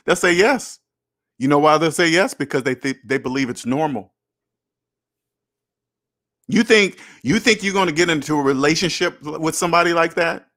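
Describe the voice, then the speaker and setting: A man in his thirties or older hosts a casual livestream, reading and answering chat while talking bluntly and preachily to viewers and swearing freely. His voice is a little high and fairly bright, at a moderate pace with long pauses.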